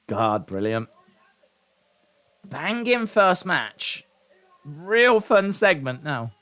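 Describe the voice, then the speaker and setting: A man with a high, bright voice does casual live reaction commentary, tossing off jokes and asides. He takes his time, and his pitch swings widely from line to line. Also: big pitch swings, extremely slow. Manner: joking, chatty asides to the viewers. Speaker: wrestling watch-along streamer.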